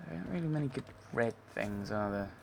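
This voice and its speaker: Gravelly-voiced man, casual let's-play chatter, musing to himself. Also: mid-range voice, animated, fast, slight background noise. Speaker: game player. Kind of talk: casual gameplay commentary.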